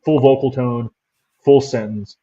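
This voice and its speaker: A paranormal investigator appears as a guest in a casual interview, telling rambling stories. His voice is medium-pitched, steady, unhurried and mellow, and the audio sounds dull.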